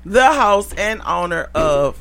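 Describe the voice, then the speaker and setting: A woman's voice: lowish voice, lively intonation, slow. A tipsy woman comedian hosting a show, talking in a brash, profane and boisterous way. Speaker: host and comedian. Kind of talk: casual show chat.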